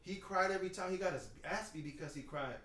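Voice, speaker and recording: A man's voice: sits high, fast talker, pushed and bright, echoey room, far from the mic. A man co-hosting a podcast, talking candidly and emotionally, swearing freely and often adding "you know what I'm saying". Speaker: podcast co-host.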